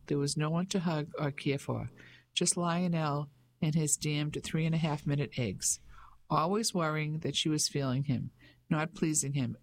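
An audiobook narrator reading a novel chapter in a steady, measured way. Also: mid-range voice, poor audio. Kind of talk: scripted narration.

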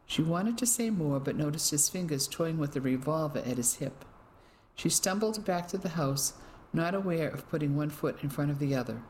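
Low-voiced woman narrating a story. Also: expressive, normal speed, a little mellow, a little hiss or hum, low-quality recording. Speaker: audiobook narrator. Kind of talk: scripted narration.

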